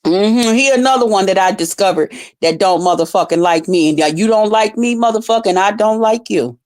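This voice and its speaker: A woman vlogger giving casual, heavily profane commentary, bursting into loud excited outbursts. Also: mid-range voice, fairly quick. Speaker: vlogger reviewing a livestream contest.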